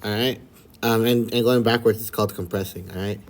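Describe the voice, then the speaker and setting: A man teaching a math lesson in a relaxed, chatty way, often checking in with his students. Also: fairly low pitch, a little fast, background noise. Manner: relaxed and chatty, checks in with frequent "all right?" and "okay?". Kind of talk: casual recorded lesson for students.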